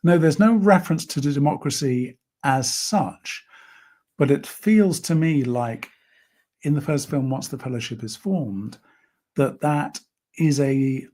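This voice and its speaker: Guy hosting a livestream, dark kinda husky voice, thoughtful. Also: a little high. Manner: measured, thoughtful, reads out viewer comments. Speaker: host. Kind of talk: live-stream discussion.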